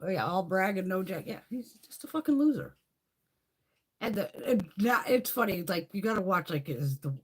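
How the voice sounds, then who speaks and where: Profane, animated middle-aged woman ranting. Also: medium pitch, husky. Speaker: live stream host. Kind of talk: casual live chat rant.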